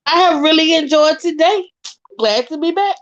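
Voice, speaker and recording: A woman co-hosting a casual live chat, chiming in excitedly. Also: high-pitched, moderate pace, lo-fi sound. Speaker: co-host.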